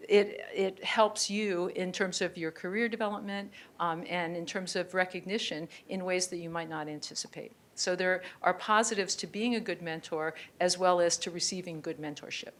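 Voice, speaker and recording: A woman's voice: on the low side, fairly even intonation, normal speed, hardly any pauses, fairly bright tone. A woman institute director giving conversational opening remarks at a seminar in a university auditorium. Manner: conversational, with small restarts. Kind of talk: introductory remarks.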